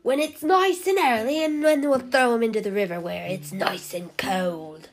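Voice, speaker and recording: A woman's voice: high voice, lively intonation, takes it slowly, over music, voice pushed up. A woman voicing a blustering male alley cat gang boss who roars his orders in a storybook reading. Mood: gloating. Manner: roaring, loud and gruff.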